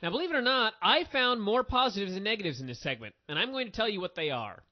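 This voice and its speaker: A man hosting a wrestling review podcast, talking in an opinionated, animated way with quick asides. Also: high-pitched. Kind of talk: casual review chat. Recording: dull lo-fi audio.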